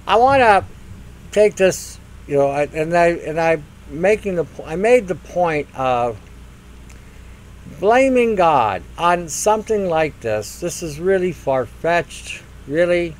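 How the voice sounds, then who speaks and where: A man's voice: on the high side, animated, slow pace, poor audio. An older man hosting a radio talk show, ranting in a mocking monologue and acting out silly voices. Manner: mocking, acts out silly voices, laughs at own jokes.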